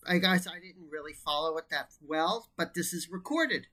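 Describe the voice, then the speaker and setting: A man's voice: a little high, moderate pace, bright, forceful tone. A man co-hosting a math lesson, insistent and emphatic, teasing his brother and urging him to get to the point. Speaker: math tutor co-host. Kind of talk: casual banter about a math problem.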